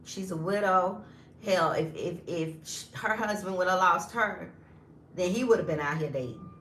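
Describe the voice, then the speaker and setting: A woman in her fifties telling viewers a story in a casual, animated vlog, often calling them y'all. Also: fairly low pitch, moderate pace, reverberant, a little hiss or hum. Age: 50s. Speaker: lifestyle vlogger.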